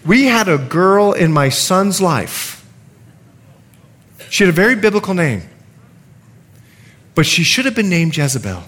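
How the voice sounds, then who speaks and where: A man's voice: high voice, unhurried, pauses often. A middle-aged male pastor preaching a sermon, telling humorous stories and acting out the voices of people in them. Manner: animated, humorous, acts out quoted voices. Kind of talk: sermon with storytelling.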